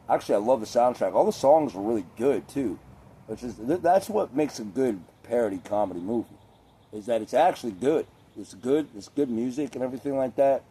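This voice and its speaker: A man's voice: medium pitch, moderate pace, mellow, husky. A young man rambling casually in a laid-back, profane, chatty way with lots of fillers.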